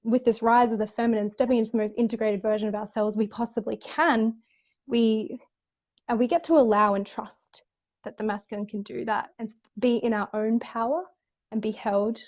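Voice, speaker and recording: A woman's voice: a little high, fairly even intonation, normal speed, a little mellow. Earnest woman host, lo-fi sound. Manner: earnest, swears casually, frequent restarts. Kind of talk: casual spiritual chat.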